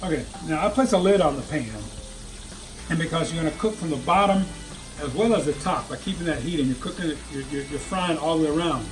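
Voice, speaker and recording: A man's voice: on the high side, fast, music in the background, low-quality recording. A middle-aged man hosting a home cooking show, talking in a chatty, folksy way with plenty of fillers and restarts. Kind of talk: casual cooking demonstration. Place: home garden, then a home kitchen.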